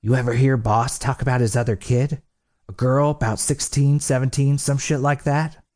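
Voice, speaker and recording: A man voicing an urgent, pushy male biker who shouts for his club brother. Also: medium pitch, flat delivery, moderate pace, pitched above the performer's own voice, lightly acted. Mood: probing.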